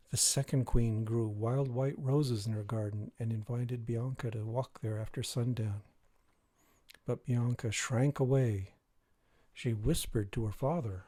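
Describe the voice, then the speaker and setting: A man reading a dark fairy tale aloud in a measured, even way. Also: mid-range voice, no echo. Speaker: reader. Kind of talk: storybook reading.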